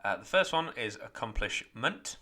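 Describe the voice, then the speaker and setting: A man's voice: fairly low pitch, big pitch swings, moderate pace, bright, forceful tone. A man teaching, going through exam questions one by one and explaining each answer step by step. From England. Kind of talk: exam walkthrough lesson.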